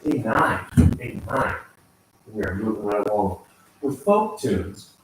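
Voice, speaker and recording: A man's voice: lowish voice, very animated, takes it slowly, fairly bright tone, a little hiss or hum. A man vlogging his piano practice, reading lesson text aloud and adding sarcastic asides. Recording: echoey room, mic far off, piano in background.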